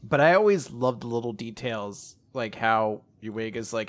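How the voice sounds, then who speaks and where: Man, mid-pitched voice, enthusiastic, joking, casual podcast chat. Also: expressive, measured pace, few pauses. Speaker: podcast co-host. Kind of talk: casual chat about a comic.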